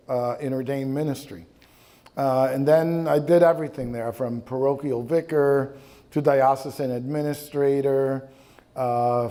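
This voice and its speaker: With a mid-range, slightly mellow voice, a fifty-something bishop from the New York area offers wry anecdotes as a guest speaker. The live audience is young adults, and he uses lots of ums and uhs.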